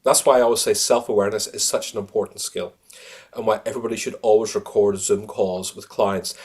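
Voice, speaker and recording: A man being interviewed on a podcast as a sales coach. He talks in an animated way and laughs often. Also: fairly low pitch, brisk, husky.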